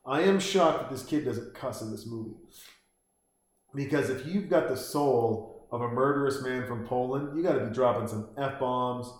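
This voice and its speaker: A man's voice: medium pitch, normal speed. Man, casual reaction commentary, rambling, profane, jokey, very echoey home room.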